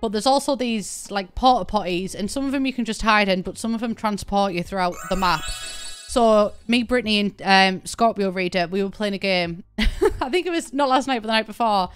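A woman's voice: mid-range voice, fairly quick, smooth, faint music behind. Chatty British woman streaming a game. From Britain. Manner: chatty, rambling, laughs often, swears casually. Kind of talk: casual live-stream chat while playing.

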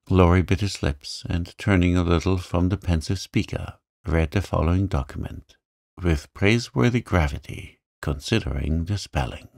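A calm man reading a bedtime story in a gentle, measured way. His voice is very deep and slow, with a gravelly texture. It is recorded close up in a dry, quiet studio. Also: no echo. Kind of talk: calm audiobook narration.

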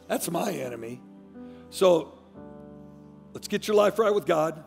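A middle-aged pastor with a gravelly, slightly high voice preaches a fiery sermon, dropping to near-whispers and then rising to shouts. His words ring out with the long reverb of a large church, and faint music plays underneath. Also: lively intonation, a little slow, long pauses.

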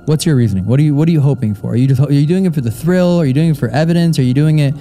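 A man's voice: on the high side, racing, dark tone, soft background music. A man hosting a live show, asking his guest long rambling questions and cracking jokes. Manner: joking, rambling questions with restarts.

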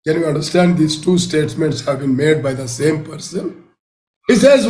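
Older male preacher, Indian English accent, seventies; slow, emphatic sermon delivery with a high voice. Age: 70s. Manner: slow, emphatic preaching with sudden loud outbursts. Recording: echoey room.

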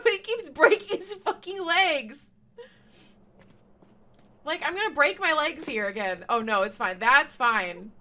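Bright, lively woman streamer swearing. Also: high voice, measured pace. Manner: swearing, laughing and shrieking in surprise. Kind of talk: casual gameplay commentary.

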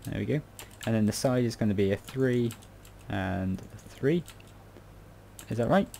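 A man's voice: fairly low pitch, measured pace, gravelly, dark tone, slight background noise. A British man giving casual commentary on a building tutorial, rambling and muttering to himself with self-mocking asides. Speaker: game tutorial creator.

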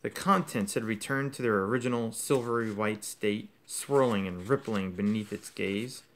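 A man's voice: lowish voice, normal speed, a bit bright. A man reading a novel aloud as an audiobook, telling the story expressively. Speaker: audiobook reader.

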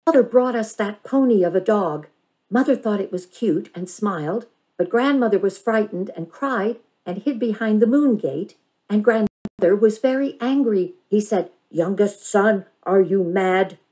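A woman's voice: medium pitch, a little slow, pitched above the performer's own voice, lightly acted, rough recording. A woman voicing an impatient, curious young girl who pleads and talks eagerly in a storybook reading. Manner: eager, pleading, rising excitement.

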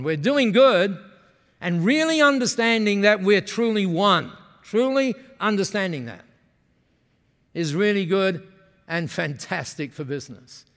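Brief: man, keynote speaker, upbeat storytelling, fairly high voice, long hall reverb. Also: a bit bright. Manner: enthusiastic, asks the audience questions. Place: large conference hall.

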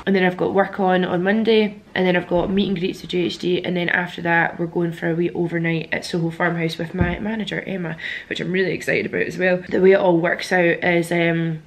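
A young Scottish woman, sick and a bit weary, chatting candidly to camera in a casual vlog. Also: lowish voice. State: sick and congested. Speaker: vlogger.

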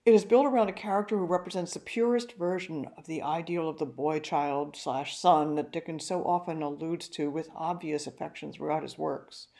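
Older woman giving a measured literary talk. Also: low voice, fairly even intonation, mellow. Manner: measured, careful reading.

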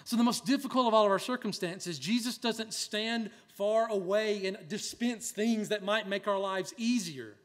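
A male pastor preaching a sermon in an earnest way, dropping to a hush and then rising to loud emphasis. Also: sits high, normal speed, few pauses.

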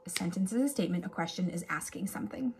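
A woman teacher giving a relaxed, chatty remote lesson to children, with animated examples and little asides. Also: lowish voice, fast, very noisy.

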